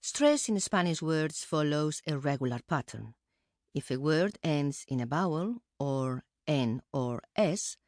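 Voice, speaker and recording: A woman co-presenting a pronunciation course with calm, careful explanation, recorded close on a studio mic. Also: low-pitched, no room sound. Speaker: Spanish co-presenter. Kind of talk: scripted instructional narration.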